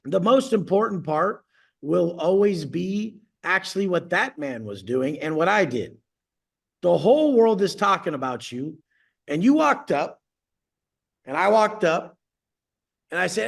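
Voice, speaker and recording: Man, coach, video call, gravelly voice, profane boastful rant. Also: high-pitched, very animated, unhurried.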